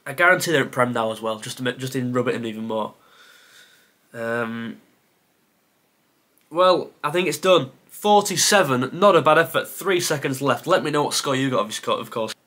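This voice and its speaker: A man's voice: medium pitch, expressive, normal speed, pushed and bright. A man who creates football content, thinking aloud to himself during a timed quiz, muttering and sighing with self-deprecating asides.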